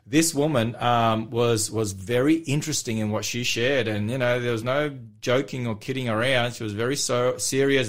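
A man co-hosting a radio show as a church pastor. He chats casually, rambling with many fillers and false starts. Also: medium pitch. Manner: rambling, hesitant, self-deprecating.

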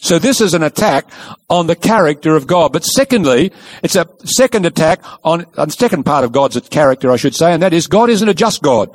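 A man's voice: a little high, animated, a little fast. A man preaching a sermon, telling the story with emphasis and rhetorical questions.

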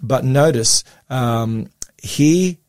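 A man with a hoarse, husky voice talks earnestly and emphatically in a religious discussion. His tone is gravelly with creak, and the recording is dry and close. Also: mid-range voice, extremely slow, a little mellow, no echo. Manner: earnest, emphatic, with fillers and restarts. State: hoarse, voice coming back after losing it. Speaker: co-host.

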